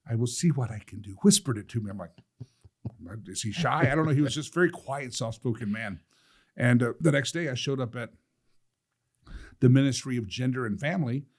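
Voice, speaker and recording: A middle-aged man in a sit-down talk, telling a personal story with animated quoting of other people. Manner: lively, quotes others with changes of pitch and loudness, laughs often. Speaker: guest telling his story.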